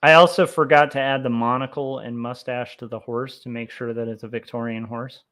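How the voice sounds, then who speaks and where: A young man talking loosely to his stream audience while he sketches, in a mid-pitched voice. He drifts from thought to thought with plenty of fillers and sounds keen on the history he's digging into. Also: fairly quick. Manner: rambling, many fillers, excitable about history. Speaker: comic artist streaming his drawing. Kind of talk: casual livestream chat while drawing.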